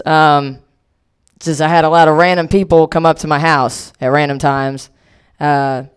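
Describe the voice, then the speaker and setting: A woman's voice: low-pitched, clear, resonant tone. Profane young woman doing stand-up. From Delaware. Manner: crude, profane, rambling self-deprecating storytelling. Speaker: stand-up comic. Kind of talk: stand-up comedy set.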